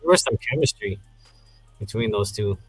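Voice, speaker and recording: A man's voice: on the low side, expressive, normal speed, slightly rough, no room sound, faint music behind, poor audio. A man co-hosting a casual movie review podcast, laid-back with short dry replies. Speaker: podcast co-host.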